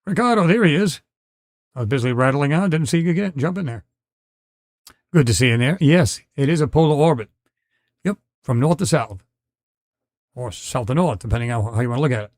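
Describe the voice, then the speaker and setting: A man's voice: mid-range voice, animated, a little fast, long pauses, no echo, studio quality. A middle-aged man hosting a live podcast, chatting casually and reading out viewer comments in a rambling way with many restarts.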